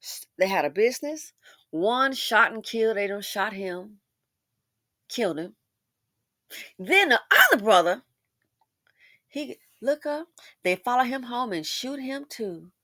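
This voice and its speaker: A woman host giving impassioned social commentary, swinging between loud emphasis and hushed asides. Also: fairly high pitch, expressive, measured pace, pauses often, no room sound, studio quality.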